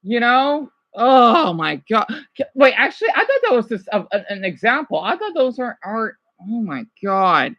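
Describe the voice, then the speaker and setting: A man's voice: very high-pitched, sing-song, moderate pace, sharp tone, dull audio. A man from Arizona reacting to a news clip, ranting heatedly with lots of swearing and rambling asides. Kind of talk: profane reaction rant.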